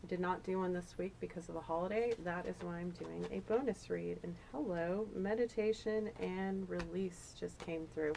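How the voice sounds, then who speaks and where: A woman's voice: lowish voice, steady tone, normal speed, gravelly, hardly any pauses, warm tone, a little hiss or hum, low-quality recording. A woman giving a casual, emotional tarot reading, chatty and rambling with fillers. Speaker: tarot reader.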